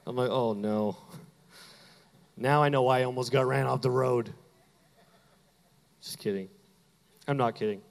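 A man preaching a sermon as pastor to his church, talking in a conversational, playful way and acting out quick asides. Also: medium pitch, creaky. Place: church sanctuary. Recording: hall reverb.

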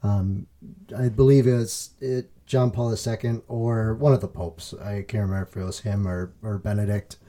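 Give me a mellow-sounding man co-hosting a podcast, loose and rambling. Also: lowish voice, steady tone, normal speed. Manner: rambling, full of fillers and restarts, laughs easily. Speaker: podcast co-host. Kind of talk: casual chat.

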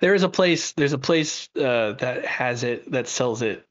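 A man's voice: medium pitch, lively intonation, measured pace, lo-fi sound. A man co-hosting a podcast, chatting casually and enthusiastically with lots of fillers and restarts. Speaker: podcast co-host.

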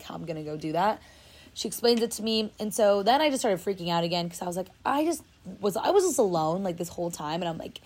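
A woman's voice: lowish voice, a little mellow. Chatty young woman telling a story. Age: young adult. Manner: chatty, dramatic, many "like" fillers. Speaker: storyteller vlogger. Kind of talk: casual storytime. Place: outdoors, then moves indoors.

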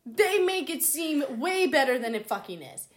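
A woman's voice: high-pitched, moderate pace. A young woman telling an embarrassing story in casual chat, swearing freely and acting out her own quotes. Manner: swears a lot, animated storytelling with acted-out quotes.

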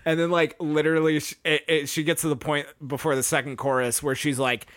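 Young male podcast co-host, animated and rambling, slightly high voice, dry close sound. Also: brisk, no echo. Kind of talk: casual chat.

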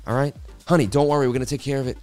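A man's voice: medium pitch, steady tone, very fast, darkish tone, faint music behind, natural voice. A man doing a cocky Boston movie star. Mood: swaggering. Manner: cocky, drawling, calls the listener "babe". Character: a brash male movie star from Boston, macho and swaggering. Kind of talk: live-stream impression.

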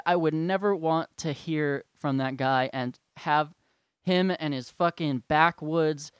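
A man's voice: on the high side, clear, resonant tone, no room sound, clean studio sound. A young man ranting, heated, profane and sarcastic. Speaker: vlogger. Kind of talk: angry rant.

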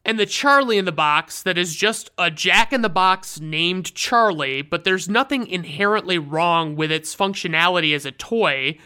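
A host giving casual, sarcastic commentary while retelling an old holiday special, swearing freely and dropping deadpan asides. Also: medium pitch, moderate pace, hardly any pauses, clean tone. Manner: sarcastic and profane.

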